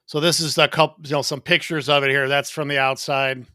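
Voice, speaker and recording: A man's voice: a little high, flat delivery, fairly quick, sharp tone, no echo, studio quality. A man co-hosting a casual real estate chat, easygoing and informative. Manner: easygoing, informative, rambling with restarts. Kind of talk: casual live-stream chat.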